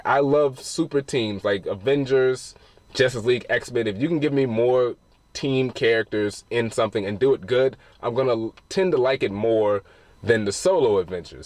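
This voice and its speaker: A man's voice: on the low side, dry recording. A man giving a casual, rambling spoiler review of a film, retelling scenes with plenty of swearing.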